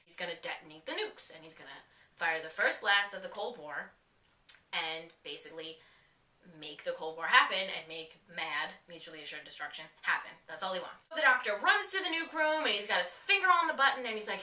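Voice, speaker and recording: A woman giving a casual, excitable TV episode review, full of slang and swearing, acting out the characters' lines. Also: mid-range voice, brisk. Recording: roomy echo, mic a bit distant.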